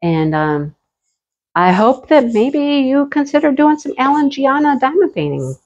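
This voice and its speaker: A woman's voice: high voice, very animated, a little slow, darkish tone, highs cut off. A woman hosting a crafting channel, talking casually and rambling a little, recorded outdoors. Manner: chatty, rambling, easily distracted. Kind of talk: casual chat.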